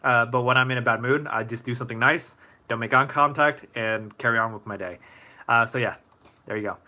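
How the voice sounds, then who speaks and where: A man's voice: mid-range voice, fairly quick. A young man talking casually to viewers in a live Q&A, answering questions with plenty of fillers and restarts. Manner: relaxed, rambling, many fillers and restarts.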